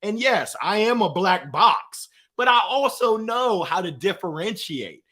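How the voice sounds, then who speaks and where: A man guest talking in an energetic, preachy, slangy storytelling way in an interview. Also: high-pitched, unhurried. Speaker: guest, author. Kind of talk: motivational interview talk.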